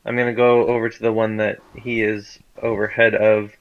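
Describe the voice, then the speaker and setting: A man playing in a casual tabletop game, relaxed and joking around. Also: on the low side, moderate pace, smooth. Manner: relaxed, chuckling, loose joking. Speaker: player. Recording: dull lo-fi mic.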